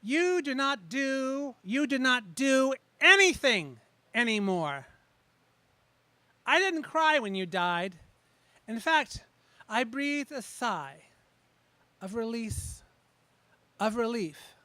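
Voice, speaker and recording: A man reading his own poems at an open mic. He introduces each piece in a chatty way, then reads slowly and with emphasis. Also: very high voice, sing-song, pushed and bright, dry recording. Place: open mic venue, live before a small audience.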